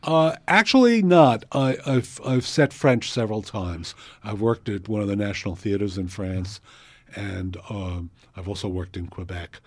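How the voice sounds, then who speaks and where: Thoughtful man with a husky voice. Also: lowish voice, a little slow, no echo. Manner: thoughtful, explanatory, with frequent hesitations. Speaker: composer. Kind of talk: interview answers.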